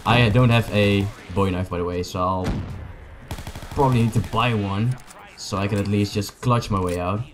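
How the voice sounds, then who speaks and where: A young man, a native Dutch speaker, gives excitable, joking, rambling commentary to his viewers as he plays a video game. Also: on the low side, normal speed, noisy background. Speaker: gaming YouTuber. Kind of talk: casual gameplay commentary.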